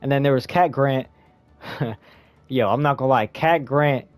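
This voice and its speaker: A man's voice: unhurried, clear, resonant tone, dry recording. A young man giving a rambling, slangy spoken movie review in a casual chat style. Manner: rambling, slangy, jumps into high squeaky voice when quoting himself.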